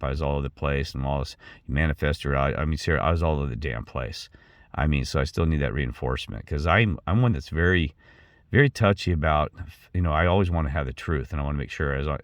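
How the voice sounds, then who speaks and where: A man's voice: rumbling low, no room sound. A middle-aged man talking in a rambling personal monologue, repeating himself and restarting often. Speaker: channel host.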